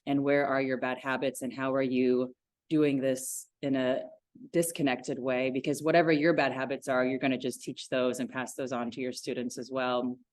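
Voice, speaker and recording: A woman in her forties, a yoga teacher, talking about her practice in a casual podcast interview, enthusiastic and quick to laugh. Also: a bass voice, little pitch movement, a little mellow, no echo, studio quality. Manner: enthusiastic, laughs easily, thoughtful.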